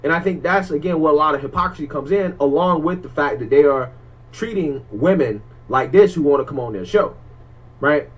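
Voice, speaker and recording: Measured man explaining a point. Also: on the high side, rough recording. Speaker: commentator in a played clip. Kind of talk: casual commentary.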